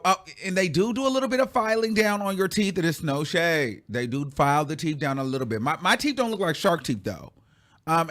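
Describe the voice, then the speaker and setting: Sassy, animated male commentary host. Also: on the high side. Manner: animated and sassy, stretching out words for effect; laughs often while talking. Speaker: host of a pop-culture commentary show. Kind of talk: casual chatty commentary.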